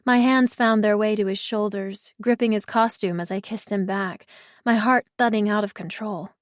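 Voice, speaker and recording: A woman narrating a first-person audiobook, measured and expressive, in a mid-range voice. The sound is dry and close, with no room around it. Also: mid-range voice, no echo.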